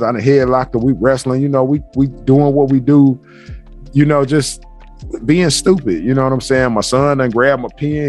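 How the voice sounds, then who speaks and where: Man, middle-aged, casual storyteller, profane, laughing, mid-pitched voice, faint music behind. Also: darkish tone. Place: basement home office.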